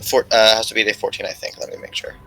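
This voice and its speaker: A man playing a tabletop game, soft-spoken and unsure, checking the rules aloud. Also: fairly low pitch, little pitch movement, fast talker, gravelly, low-quality recording. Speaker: player. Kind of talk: casual tabletop play.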